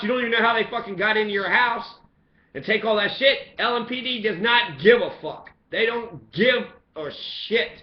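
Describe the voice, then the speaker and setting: A man in an angry, profane, repetitive rant about the police. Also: extremely high pitch. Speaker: resident speaking out on police. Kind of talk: impassioned ranting monologue. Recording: echoey, dull lo-fi sound.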